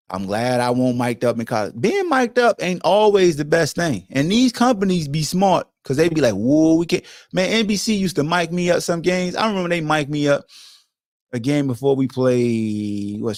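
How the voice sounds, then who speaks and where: A middle-aged man tells stories on his podcast in a loud, profane, emphatic way. His voice sits a little high for a man and swings widely up and down as he gets worked up. The sound is close and dry, with no room echo. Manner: animated, profane, emphatic storytelling. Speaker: podcast host, former football player. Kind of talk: casual monologue to a co-host.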